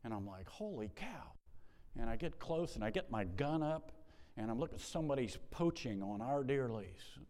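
A man preaching a sermon as pastor, telling stories and moving between hushed lines and emphatic rises. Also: mid-range voice, expressive, normal speed, big-room sound. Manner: storytelling, swings between soft hush and emphatic rises.

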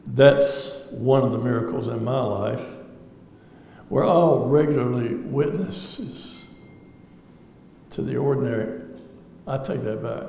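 In a dark-toned, medium-pitched voice with vocal fry, a man speaks slowly while giving an earnest personal testimony. He is a lay speaker before an audience in a large hall, reflective and wryly humorous. The recording is echoey with faint ambience.

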